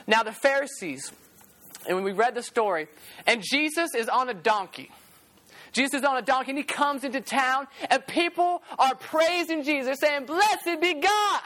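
Brief: lively woman youth preacher, higher voice, animated storyteller. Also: normal speed. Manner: animated storytelling, acting out quotes. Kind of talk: sermon to a youth group.

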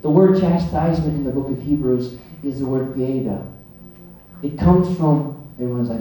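A middle-aged man preaching a sermon, swinging between hushed passages and loud, excited ones. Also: medium pitch, normal speed, a little hiss or hum. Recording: very echoey hall, mic at a distance.

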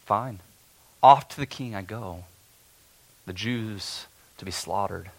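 A man voicing a vengeful royal official in a dramatic biblical monologue, threatening and hushed at times. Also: fairly low pitch, slow pace, vocal fry, voice pushed down, exaggerated voice, low-quality recording. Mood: sinister.

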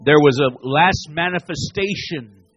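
A pastor delivering a sermon and altar call, repeating phrases and rising to near-shouts as he preaches. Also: a little high, unhurried, dull audio, faint music behind.

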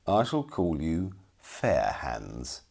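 A man voicing a spiteful knight in a storybook, speaking slowly with a sneer. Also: low-pitched, very animated. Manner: slow, sneering.

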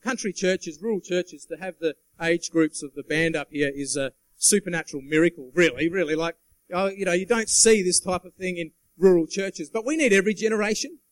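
An earnest man preaching to a church congregation, his voice sitting high for a man. He drives his points home with emphasis and calls out for the listeners' agreement. The sound is dry and close, with little room echo. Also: fairly quick. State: sweating. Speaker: guest preacher. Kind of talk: sermon.

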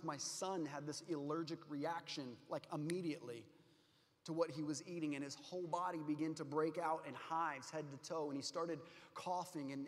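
A man preaching a sermon as a pastor, moving from quiet storytelling to loud, rising exhortation. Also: fairly high pitch, long reverb tail.

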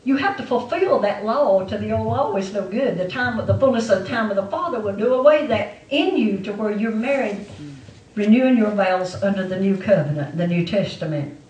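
A woman's voice: mid-range voice, animated, fairly quick, a little mellow, a little hiss or hum. A woman preaching a testimony sermon to her church with an emphatic, repetitive delivery. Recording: echoey room, mic far off.

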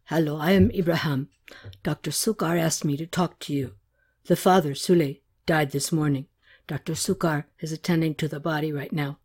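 A woman reading a novel aloud, voicing a soft-spoken male aid worker who talks in a formal, grave way. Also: sits low, steady tone, moderate pace, husky. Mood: somber. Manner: quiet, plain and formal.

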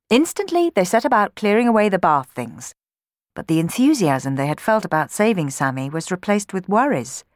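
A woman reading a children's storybook aloud in an expressive way, changing her voice for the characters. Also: fairly low pitch, dry recording, studio quality.

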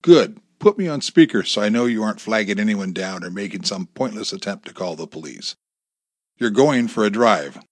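A man's voice: lowish voice, expressive, normal speed, no echo, clean studio sound. A man voicing a menacing, sarcastic male kidnapper who taunts his victim over the phone, in a storybook reading. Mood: taunting. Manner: taunting, mocking, cruel.

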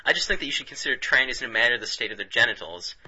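Rambling, husky-voiced podcast guy. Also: medium pitch, lively intonation, racing, pushed and bright, dull audio. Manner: rambling, laughs often, many restarts. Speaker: podcast co-host. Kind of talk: casual comedic banter.

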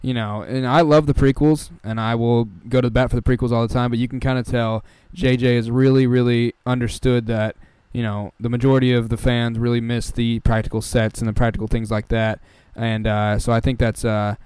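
A man's voice: medium pitch, little pitch movement, brisk, hardly any pauses, darkish tone, clear, resonant tone, dry recording. A man hosting a casual podcast, talking hesitantly with lots of fillers and hedges. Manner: hesitant, full of fillers and hedging. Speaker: podcast host.

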